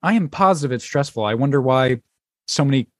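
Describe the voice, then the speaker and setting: A man hosting a casual podcast chat, telling stories in an animated way and swearing casually. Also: mid-range voice, a little fast, no room sound. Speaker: podcast host.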